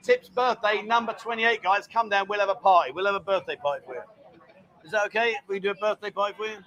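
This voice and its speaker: A man's voice: high voice, fast talker, dull audio, a crowd in the background. A man hosting a casual livestream from a bar, teasing his guest and reading viewer comments aloud. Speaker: bar show host.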